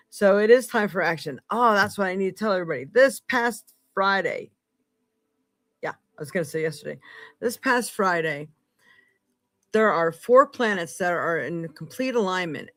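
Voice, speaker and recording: A woman's voice: lowish voice, no echo. Woman tarot reader hosting a live stream, earnest and emphatic, dry close sound. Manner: emphatic, earnest, jumps between loud and hushed. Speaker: psychic tarot reader and host.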